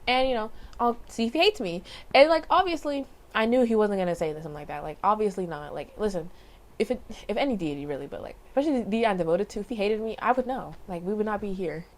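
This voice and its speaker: A young woman talks to camera in a loose, rambling way, circling back and correcting herself often. Her voice sits at an ordinary middle pitch, and she peppers her story with fillers and soft laughs. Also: lively intonation, quick pace. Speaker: vlogger. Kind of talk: casual personal storytelling.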